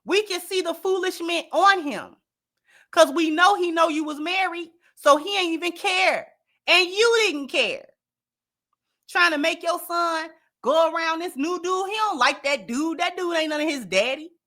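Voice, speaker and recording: A woman's voice: very high voice, moderate pace, sharp tone. A woman hosting an opinionated commentary show, speaking emphatically and repeating lines for effect. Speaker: commentary channel host.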